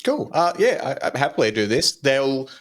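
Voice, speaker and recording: A man's voice: medium pitch, sing-song, normal speed. A man with a broad Australian accent, a guest content creator talking in a casual, laid-back and self-deprecating way in a podcast interview.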